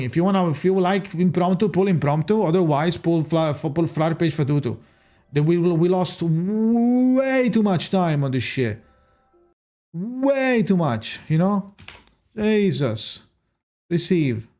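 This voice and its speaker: A man's voice: a little high, warm tone. A male streamer chatting casually to viewers, exasperated, swearing and restarting his sentences. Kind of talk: casual live-stream chat.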